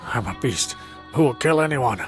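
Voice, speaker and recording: A man's voice: medium pitch, lively intonation, moderate pace, faint music behind, lightly acted. A man voicing a tormented, violent man who calls himself a beast, speaking in ragged, stuttering outbursts, in a fan voice dub of a visual novel.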